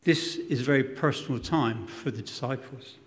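A man's voice: mid-range voice, moderate pace. A man preaching a sermon, dramatic and emphatic, acting out quotes, with self-deprecating humour. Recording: long hall reverb.

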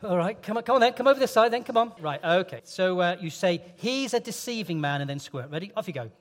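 High-voiced man in a reverberant hall. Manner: playful, coaxing, reads scripture slowly. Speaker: preacher. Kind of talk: interactive children's talk with Bible reading. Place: large church hall. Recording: long church-hall reverb.

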